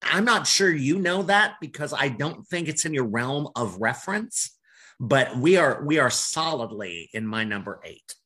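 A man co-hosting a podcast with a bright, slightly husky voice that swings widely in pitch. He teases his partner in casual chat with dry, mock-dramatic asides. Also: animated, a little slow. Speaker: podcast co-host.

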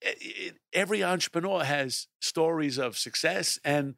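A middle-aged man telling a lively story, acting out his own lines as he goes. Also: on the high side, moderate pace, vocal fry, no room sound, studio quality. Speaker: guest storyteller. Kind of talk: animated anecdote telling.

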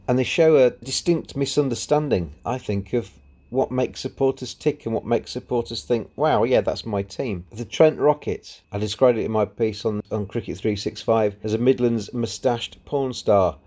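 A man's voice: mid-range voice, normal speed, warm tone. A man from Yorkshire hosting a podcast, delivering an opinionated rant in a solo monologue. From Yorkshire, England. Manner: opinionated, ranting. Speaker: podcast host.

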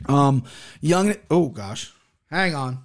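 A man's voice: fairly high pitch, animated, slow. Blunt, profane man ranting about fights. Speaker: podcast host reviewing fights. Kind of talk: casual solo commentary. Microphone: headphones and desk mic.

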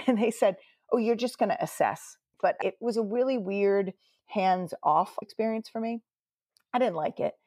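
A woman's voice: mid-range voice, a little mellow, no room sound, clean studio sound. A woman, a nurse telling her story earnestly in an interview, quoting her own words along the way. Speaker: guest nurse.

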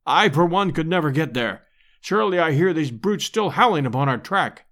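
A man's voice: fairly high pitch, expressive, moderate pace, fairly bright tone. A man voicing a weary old professor.

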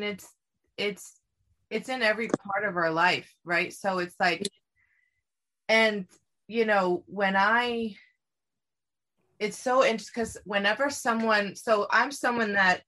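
A young woman in casual podcast chat, telling stories in an animated way and laughing as she talks. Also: mid-range voice.

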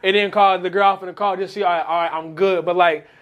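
Young guy, high voice, rambly casual chat w friends. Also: steady tone, quick pace, highs cut off. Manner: loose and rambling, laughs often.

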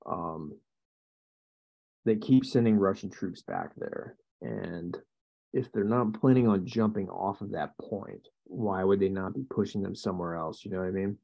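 A man's voice: low-pitched, unhurried, creaky, mellow. A man hosting a casual discussion, easygoing and agreeable, asking his guest questions. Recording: dull lo-fi sound.

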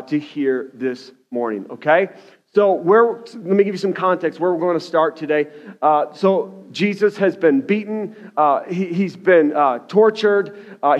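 A man preaching a sermon as a pastor in a church, fervent and loud at the climaxes, with "okay?" asides. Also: fairly high pitch. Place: church sanctuary. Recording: dull lo-fi audio.

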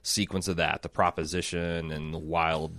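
A man's voice: very deep voice, level tone, normal speed, a bit bright. A man co-hosting a podcast in a casual chat, thoughtful and rambling, often restarting his sentences. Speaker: podcast co-host.

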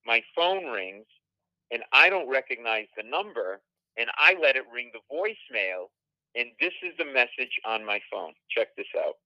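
A man from Rhode Island, a comedian guest, telling an animated story with acted-out quotes on a talk show. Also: medium pitch, moderate pace, no echo, muffled recording. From Rhode Island, USA.

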